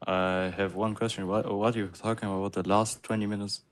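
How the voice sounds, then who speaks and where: Deep flat-voiced halting man. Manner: halting, argumentative. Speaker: voice chat guest. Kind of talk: casual chat.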